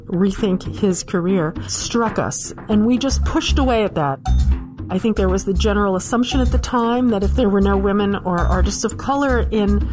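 A woman speaks at a middle pitch as she recalls the art world, measured and pointed with a few hesitations. Faint music plays quietly underneath her voice. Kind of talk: recounted history in an interview.

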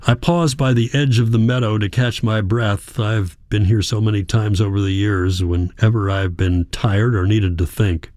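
A man reading a first-person novel aloud, quiet, measured and reflective. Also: lowish voice, steady tone, no room sound. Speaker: audiobook narrator. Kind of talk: first-person literary narration.

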